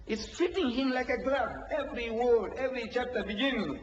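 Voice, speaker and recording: High, animated male preacher in an echoey hall. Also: moderate pace, few pauses, slight background noise. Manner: rhetorical, acts out dialogues, laughs often. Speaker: preacher lecturing on religion. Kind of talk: animated religious lecture. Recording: echoey hall, dull lo-fi archive tape.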